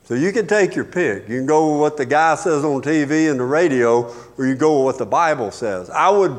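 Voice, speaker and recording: A man preaching a sermon as a pastor, emphatic, with sudden rises and drops in his voice. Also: mid-range voice. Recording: long hall reverb.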